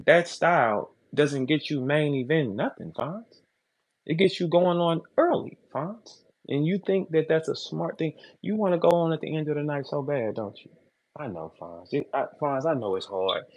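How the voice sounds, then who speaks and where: A man's voice: a little high, dull audio. A middle-aged man, a battle rapper delivering a taunting, boastful, profane rant. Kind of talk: ranting monologue.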